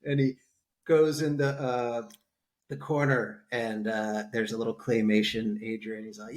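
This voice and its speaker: A man in his thirties co-hosting a podcast, telling stories in a loose, rambling way with casual swearing. His pitch sits in the middle of the male range. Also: measured pace. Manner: swearing, rambling, animated storytelling. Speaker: podcast co-host. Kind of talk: casual chat.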